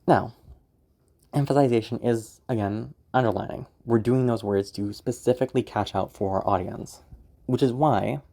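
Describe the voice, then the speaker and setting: A man's voice: on the low side, moderate pace, creaky, dark tone. A man teaching voice acting in a loose, chatty tutorial, swearing now and then. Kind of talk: casual spoken tutorial.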